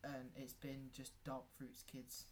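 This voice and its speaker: A man's voice: mid-range voice, completely flat delivery, slow pace, slight background noise. A young man, co-hosting a podcast in casual chat and ranting sarcastically with swearing. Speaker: podcast co-host.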